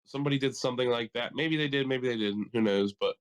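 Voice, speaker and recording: A male podcast co-host in loose, casual chat, riffing with plenty of swearing and lots of energy. His voice sits at an ordinary middle pitch. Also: fast, smooth. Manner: profane, animated riffing.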